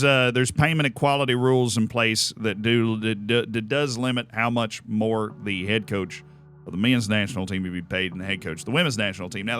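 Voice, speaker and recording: A young man with an American accent talks loosely to his stream audience, reading out messages and firing back quick joking answers. His voice is bright and forceful, and soft music plays faintly underneath. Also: mid-range voice. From United States. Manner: animated and talkative, quick restarts and joking replies. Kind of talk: casual live-stream chat, reading out viewer messages.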